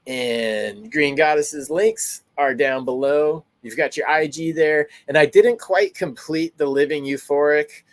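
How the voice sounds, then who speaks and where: A man's voice: mid-range voice, no room sound. A laid-back man hosts a casual chat, drifting into loose, rambling anecdotes. His voice sits mid-range, and the recording is close and dry with no room sound. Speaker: host.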